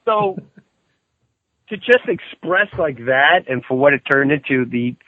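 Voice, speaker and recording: Man, excitable storyteller, phone call-in guest, narrow tinny line. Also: unhurried, no room sound. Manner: excitable, acts out quotes in shrill outbursts. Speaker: guest calling in. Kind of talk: animated storytelling.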